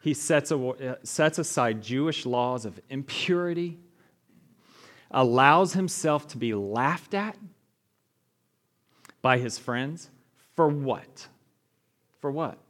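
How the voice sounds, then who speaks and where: Man, pastor, conversational sermon, animated retellings, mid pitch. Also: slow, pauses often. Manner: conversational preaching, asks the room "right?", animated retellings.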